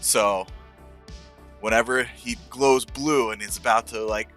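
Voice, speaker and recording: A man's voice: mid-range voice, fairly even intonation, a little slow, a bit bright, faint music behind. A man playing a tabletop game, talking in a laid-back, rambling way about his character. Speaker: player. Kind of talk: casual tabletop play.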